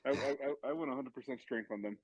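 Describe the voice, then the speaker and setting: A man's voice: medium pitch, fast talker, husky, no room sound, lo-fi sound. A man chatting casually on a podcast about martial arts, often stammering and repeating words. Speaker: podcast guest, judo and jiu-jitsu student. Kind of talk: casual chat.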